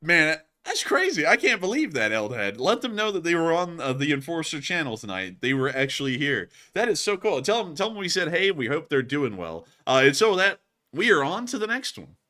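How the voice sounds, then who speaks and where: A man hosting a livestream, reading super chats and thanking viewers in a casual, animated way, often laughing. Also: a little high, fairly quick. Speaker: host.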